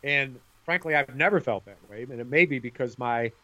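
Bright-voiced middle-aged man telling stories. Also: mid-range voice, fairly quick. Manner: rambling storyteller, repeats words. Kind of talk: casual chat.

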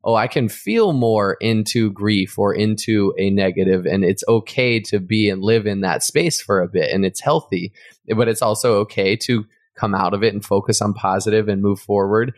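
A man's voice: fairly low pitch, moderate pace, no room sound, clean studio sound. A man co-hosting a podcast, speaking in a reflective, earnest way in a casual interview. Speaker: podcast co-host.

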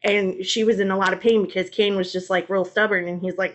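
A young woman co-hosting a podcast, retelling old stories in an animated, slangy, comedic way. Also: mid-range voice, a little fast. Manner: animated, slangy, acts out voices. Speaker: podcast co-host. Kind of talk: comedic storytelling.

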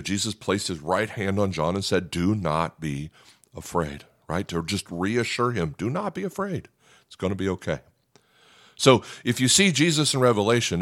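A deep, low-pitched man teaching a sermon. He talks in a relaxed, conversational way and keeps checking in with his listeners. His tone is that of a pastor walking a congregation through a lesson. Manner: conversational, frequent "okay?" check-ins.

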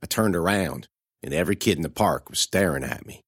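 A man reads a first-person horror story in a dramatic, expressive style. His low voice moves widely in pitch, and the recording is dry and close with no room sound. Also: brisk, slightly rough, no echo.

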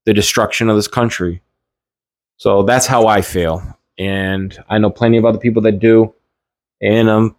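A man delivering a casual, heated political rant, halting and restarting, with frequent swearing. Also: fairly low pitch, no room sound, clean studio sound. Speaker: political commentator. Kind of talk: casual ranting monologue.

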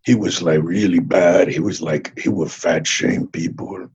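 A man's voice: deep voice, unhurried, a little mellow, husky, muffled recording, exaggerated voice. A man playing a laid-back Mexican ex-wrestler who hatched from an egg, drawling and saying "man" constantly in a comedy interview. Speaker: interview guest.

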